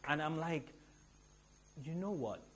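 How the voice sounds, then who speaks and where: A man from Nigeria hosting a live event, telling stories to the audience in an animated, emphatic way from a stage mic. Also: on the high side, slow, background noise. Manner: animated storytelling with a rising, emphatic delivery. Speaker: event host.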